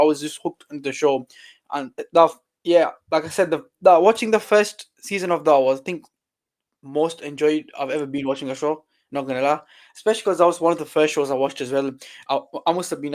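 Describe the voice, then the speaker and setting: A man's voice: mid-range voice, darkish tone. A young man co-hosting a podcast, chatting casually and enthusiastically. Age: young adult. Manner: enthusiastic, says "bro" often. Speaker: podcast co-host. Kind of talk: casual chat.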